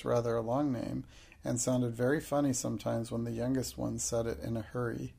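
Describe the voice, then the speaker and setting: Narrating an audiobook, a man with a gravelly, mid-range voice reads from a children's novel. He keeps a steady, measured rhythm, and his intonation barely rises or falls.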